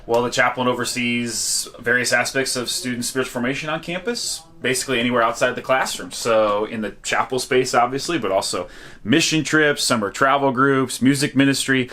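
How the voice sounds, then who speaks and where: A man's voice: mid-range voice, fairly quick, bright, forceful tone. A man who is a campus chaplain, explaining his work in a matter-of-fact way with dry humor.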